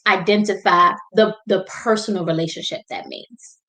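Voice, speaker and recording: A woman hosting a faith-based talk show, encouraging her guest in quick bursts of speech. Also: on the low side, a bit bright. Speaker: host.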